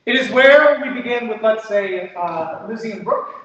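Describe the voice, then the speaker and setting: A man's voice: sits high, animated, moderate pace, a bit bright, slight background noise. A man hosting a student improv show, explaining the next game in a rambling, self-correcting way with many fillers. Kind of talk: explaining an improv format to an audience. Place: theater stage. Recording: echoey muffled stage from far off.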